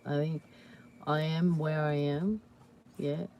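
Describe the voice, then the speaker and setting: A woman hosting a casual live chat with viewers, talking warmly and reassuringly with many "you know"s and "yeah"s. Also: deep voice, steady tone, slow, dull audio, slight background noise. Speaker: livestream host.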